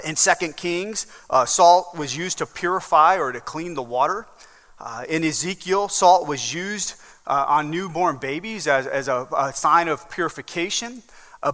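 A man's voice: fairly high pitch, sharp tone. A male pastor with a Southern American accent, preaching a sermon and often checking in with "right?". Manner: preaching with rising emphasis and frequent "right?" asides. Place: church sanctuary. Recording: long church hall reverb.

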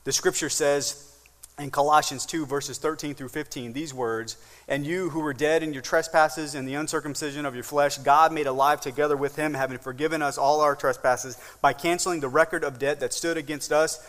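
A man in his forties preaching a sermon as pastor, swinging from hushed lines to loud ones. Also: a little high, steady tone, fairly quick, long reverb tail. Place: church sanctuary.

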